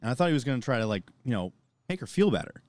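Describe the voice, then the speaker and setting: A young man on a podcast, telling an animated story and quoting people as he goes. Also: medium pitch, very fast, no room sound. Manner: animated storytelling, lots of swearing and quoting others. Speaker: podcast co-host. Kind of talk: casual chat.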